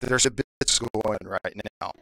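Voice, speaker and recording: A man's voice: fairly low pitch, moderate pace, gravelly, sharp tone, no echo, heavily acted. A man voicing a mysterious, grave swordsman with a thick Spanish accent, speaking in cryptic, solemn pronouncements.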